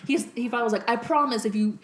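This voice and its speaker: A young woman on a podcast, telling a story in a rambling way, full of "like" and quick laughs. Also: fairly high pitch. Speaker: podcast co-host. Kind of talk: casual chat, storytelling.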